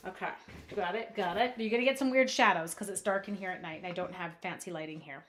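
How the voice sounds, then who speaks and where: A woman from Canada leading a live card-making demo, chatting playfully with viewers and thinking out loud as she works. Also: lowish voice, fast, a little hiss or hum. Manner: chatty, playful, reads chat comments aloud, thinks out loud. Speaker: crafting demonstrator. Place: home craft space at a lake cottage at night.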